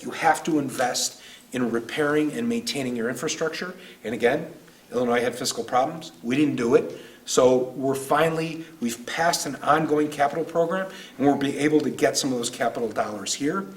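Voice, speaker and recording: A man's voice: medium pitch, moderate pace. A man, a state senator, telling stories earnestly in a speech at a neighborhood meeting, sometimes emotional. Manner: earnest, storytelling, acts out quoted voices; emotional at times. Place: community meeting room. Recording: distant mic, faint room noise.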